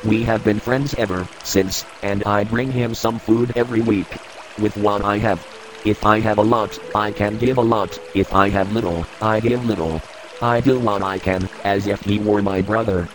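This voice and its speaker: An actor playing a humble, kindly poor wanderer who speaks earnestly in an audio drama. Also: male voice, lowish voice, steady tone, normal speed, slight background noise, lightly acted.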